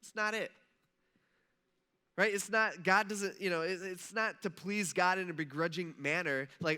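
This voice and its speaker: A pastor preaches to his church in a relaxed, chatty way. He tells the story like he is talking with friends and gives the people in it their own lines. His voice is a little high and very bright. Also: a little slow, clear, resonant tone. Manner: casual, storytelling, acts out quotes. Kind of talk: sermon. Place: church auditorium.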